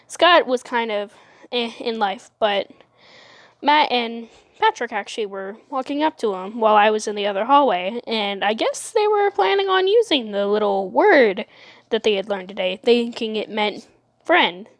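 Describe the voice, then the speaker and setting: A young woman telling a storytime vlog in a giggly, excitable way. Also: a little high, moderate pace, dry recording, studio quality. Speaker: vlogger.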